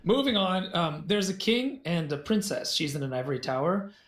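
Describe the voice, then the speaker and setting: A man telling a fairy tale as a podcast guest, in an animated, jokey way with asides. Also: sits high, normal speed. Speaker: guest storyteller. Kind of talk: casual storytelling in a podcast conversation. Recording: roomy echo.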